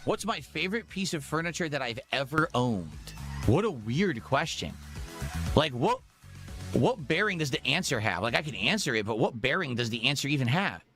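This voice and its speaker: A man's voice: medium pitch, big pitch swings, moderate pace, a bit bright. A man co-hosting a casual chat, telling a rambling, exasperated story. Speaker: co-host. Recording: faint music behind.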